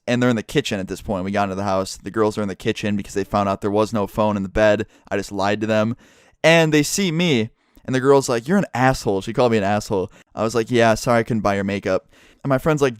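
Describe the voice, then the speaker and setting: A man's voice: fairly low pitch, quick pace, smooth, dry recording, clean studio sound. A young man vlogging a casual, profane storytime and acting out the lines of everyone in it. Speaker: YouTuber. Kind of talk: storytime vlog.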